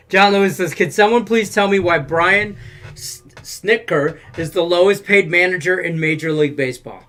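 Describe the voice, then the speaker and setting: Mężczyzna prowadzący luźny stream o zakładach sportowych. Czyta pytania widzów z czatu swobodnie i żartobliwie, głosem nieco wyższym niż przeciętny. Mówi niedbale, jakby gadał ze znajomymi. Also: male voice, a little high, moderate pace, a bit bright. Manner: loose, joking, reads viewer questions aloud. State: out of breath. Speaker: show host reading chat. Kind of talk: casual sports betting livestream.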